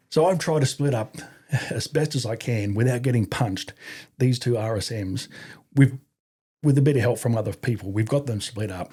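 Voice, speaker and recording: A man's voice: medium pitch, fairly quick, husky. A man with an Australian accent telling a long, profane army story in casual conversation, acting out the people he quotes. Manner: profane, animated, acts out quotes. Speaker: guest.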